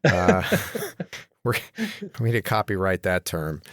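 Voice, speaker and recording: Male host, very low voice, upbeat and joking, recorded close and dry. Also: slow, fairly bright tone, no echo. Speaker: podcast host. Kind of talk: interview questions.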